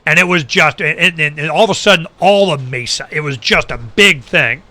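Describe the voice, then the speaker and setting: Bright, lively middle-aged male talk host. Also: normal speed, no room sound. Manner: animated storyteller, drops pitch low for asides. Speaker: radio show host. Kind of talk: casual storytelling chat.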